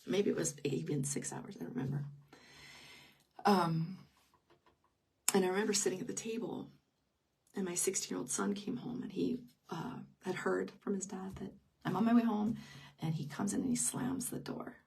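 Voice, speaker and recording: A woman's voice: on the low side, animated, moderate pace, gravelly, long pauses, darkish tone, slightly rough, recorded from a distance. A middle-aged woman telling a personal story in an unscripted live stream, intimate and emotional, often dropping to a whisper. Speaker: grief teacher.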